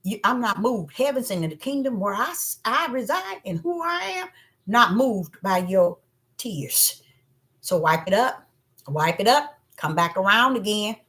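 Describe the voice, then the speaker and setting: Animated woman preaching, big pitch swings. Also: unhurried. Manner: animated, acts out voices, swings between low murmurs and loud cries. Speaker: self-styled prophetess. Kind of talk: preaching monologue.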